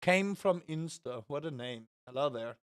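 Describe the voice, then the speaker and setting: A man's voice: on the high side, expressive, moderate pace, a bit bright, no echo. A South African man chatting casually while live-streaming a game, ranting with playful exaggeration and greeting viewers.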